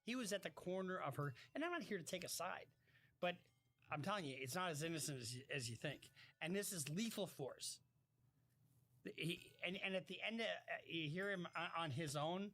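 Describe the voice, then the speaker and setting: A man's voice: sits high, expressive, normal speed, a bit bright. A man giving casual live-stream commentary and reading out viewer messages, blunt and swearing freely, often stopping and restarting his sentences.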